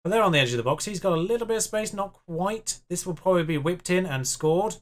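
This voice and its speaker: Lively self-mocking man playing a game. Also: high-pitched, quick pace. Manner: lively, self-deprecating muttering commentary. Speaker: YouTube game player. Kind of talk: let's-play commentary.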